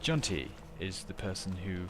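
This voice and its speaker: A man hosting a let's play video, excitable and joking, talking back at the game. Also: low voice, normal speed, slight background noise. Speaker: gaming video host. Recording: loud game music behind. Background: game music.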